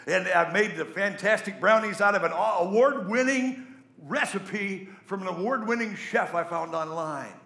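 A man's voice: fairly high pitch, vocal fry, reverberant. A middle-aged man preaching a sermon, telling stories with jokey asides. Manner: storytelling, animated, jokey asides. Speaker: pastor.

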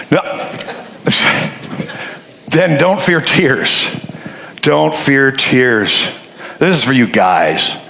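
Folksy preacher with a gravelly voice. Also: male voice, a little high, roomy sound, rough recording. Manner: folksy, joking, animated storytelling. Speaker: pastor. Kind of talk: sermon. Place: church sanctuary.

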